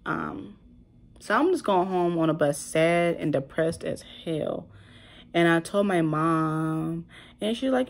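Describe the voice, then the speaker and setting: Young woman vlogger, low and gravelly voice, rambling emotional storytelling. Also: animated, measured pace. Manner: emotional, rambling, heavy use of "like". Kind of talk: casual storytelling to camera.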